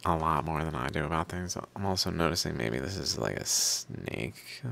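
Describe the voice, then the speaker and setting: A man's voice: extremely low pitch, animated, normal speed, gravelly, fairly bright tone. A man hosting a podcast, talking casually and musing aloud, trailing off into half-finished sentences. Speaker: podcast host.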